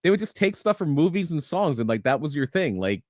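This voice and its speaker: A man's voice: fairly high pitch, sing-song, brisk, dry recording, clean studio sound. A man co-hosting a casual wrestling podcast, telling stories with many restarts and chuckles. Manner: rambling storyteller, many restarts, laughs. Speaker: podcast co-host.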